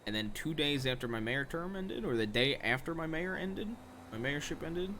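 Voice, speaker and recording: Laid-back man with a bright voice. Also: a little high, lively intonation, moderate pace, a little hiss or hum. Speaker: streamer role-playing a character. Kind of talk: casual in-character role-play chat.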